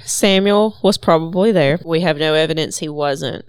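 Young woman, low smooth voice, dry close sound, wry game-night banter. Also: moderate pace, no room sound. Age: 20s. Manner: jokey, wry, plays with silly voices. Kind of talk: casual group chat.

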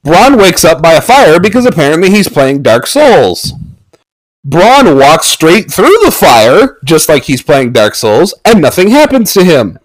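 A man casually recapping a wrestling match with sarcastic commentary and mock-excited outbursts. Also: on the high side, unhurried, low-quality recording.

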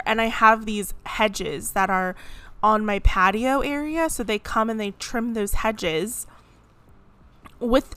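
A young woman hosting a solo podcast, venting in a chatty, animated way with many fillers. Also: medium pitch, smooth. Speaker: podcast host. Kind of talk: casual solo podcast rant. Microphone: podcast microphone.

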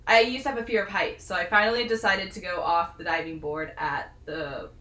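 Bright-voiced young woman, roomy sound. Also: fairly low pitch, fairly even intonation, fairly quick. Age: young adult. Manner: self-mocking, dramatic storyteller. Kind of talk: casual chat.

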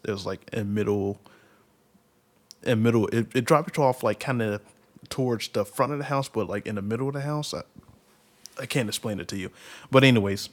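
A man in his twenties from Illinois telling a rambling personal story, full of fillers and laughter. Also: lowish voice. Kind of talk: casual personal anecdote.

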